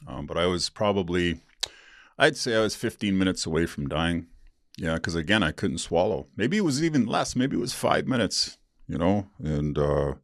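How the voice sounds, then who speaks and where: Very deep-voiced man, candid podcast host. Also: very animated, moderate pace, no room sound, studio quality. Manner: candid, rambling, laughs while telling stories. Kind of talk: casual solo podcast monologue.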